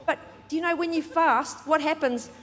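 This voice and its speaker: A woman preaches a sermon with a bright, high voice. She talks in a chatty, animated way, slipping in jokes. Her voice rings with the long reverb of a large church hall. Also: normal speed. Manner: chatty and animated, laughing, joking asides. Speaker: pastor.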